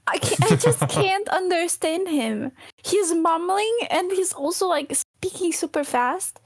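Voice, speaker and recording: A woman's voice: very high-pitched, expressive, a little slow, hardly any pauses. A woman co-hosting a reaction channel, chatting casually in a playful, teasing, giggly way. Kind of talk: casual chat.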